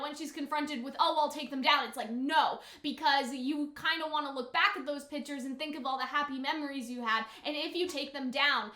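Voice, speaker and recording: A woman's voice: high voice, bright, forceful tone, roomy sound. A young woman casually analyzing a cartoon episode, chatty and full of "like" and "right?" fillers. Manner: chatty, frequent "like" and "right?" fillers, giggly asides. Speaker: YouTube cartoon reviewer. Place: home studio room.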